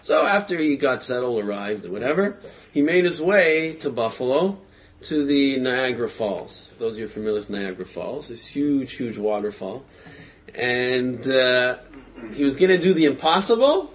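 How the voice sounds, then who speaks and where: A man telling a parable to a group in an animated storytelling talk, repeating words for effect. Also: medium pitch, moderate pace.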